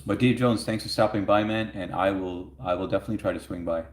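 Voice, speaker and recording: Low-pitched and steady, speaking quickly, this man hosts a casual livestream from an echoey room. He answers chat by reading viewers' comments out loud and laughs frequently.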